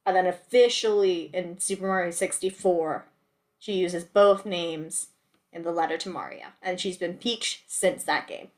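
A woman's voice: fairly low pitch, unhurried, a little mellow. A woman co-hosting a casual podcast chat, explaining game trivia in a chatty, matter-of-fact way. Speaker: podcast co-host.

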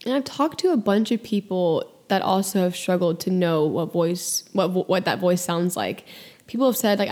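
A woman hosting her podcast, talking in an earnest, gentle way through a reflective monologue about faith, full of "like" and "you know". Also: medium pitch, normal speed. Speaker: podcast host.

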